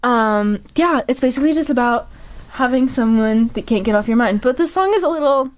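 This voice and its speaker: A woman's voice: on the high side, expressive, fairly quick. A young woman hosting a casual radio show, introducing songs and chatting with a giggly, rambling manner. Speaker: radio host.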